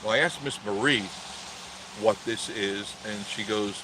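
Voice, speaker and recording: A man's voice: lowish voice, moderate pace, background noise. A man hosting a casual vlog, telling a story in a rambling way with many restarts and self-corrections. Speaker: channel host.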